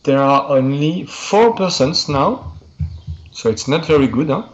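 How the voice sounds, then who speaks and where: A man from France with a strong French accent, hosting a casual chess live stream in English and talking haltingly with many fillers. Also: a little high, expressive. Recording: dull lo-fi stream audio.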